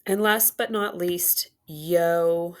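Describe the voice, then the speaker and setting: A woman's voice: lowish voice, fairly even intonation. A woman teaching a phonics lesson, patiently sounding out and drawing out words and syllables. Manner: slow, patient, drawn-out enunciation of sounds.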